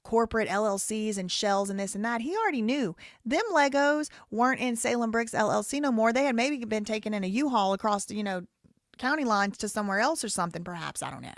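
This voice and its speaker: A woman's voice: fairly high pitch, expressive, quick pace, dry recording, studio quality. Wry woman host reading a lawsuit. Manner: rambling, with frequent asides and self-corrections. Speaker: live show host. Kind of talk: casual commentary reading a lawsuit aloud.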